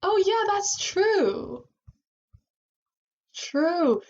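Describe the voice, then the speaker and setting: A woman co-hosting a casual fan podcast, talking in an animated way with frequent laughs and fillers. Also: very high-pitched, extremely slow. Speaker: podcast co-host. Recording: muffled lo-fi sound.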